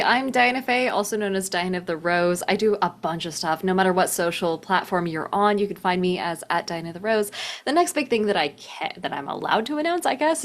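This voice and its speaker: A woman player chatting casually in a playful, teasing way after a tabletop game. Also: mid-range voice. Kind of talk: casual chat.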